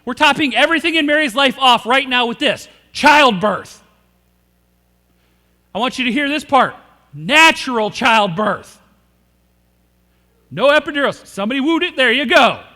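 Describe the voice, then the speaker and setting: A male pastor with a very high, bright voice preaches a humorous storytelling sermon and asks his congregation questions. His voice rings out with a long reverb through the church sanctuary. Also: lively intonation, normal speed. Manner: humorous storytelling, acts out quoted characters.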